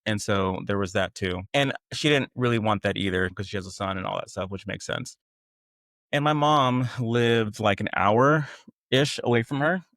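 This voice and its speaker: Man, podcast guest, candid storytelling, animated retelling, laughs at the absurdity, dry close sound. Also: lowish voice, normal speed, dry recording.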